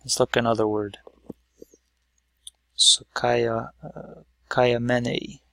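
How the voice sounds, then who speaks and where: A man's voice: mid-range voice, fairly even intonation, slow, creaky, sharp tone, no echo. A man teaching a lesson at a whiteboard, explaining patiently step by step with some fillers.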